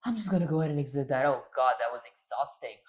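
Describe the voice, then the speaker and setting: A man's voice: medium pitch, animated, quick pace. A man on a casual livestream, rambling to himself and to chat as he builds a game. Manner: rambling, talks to himself while working. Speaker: streamer and game developer.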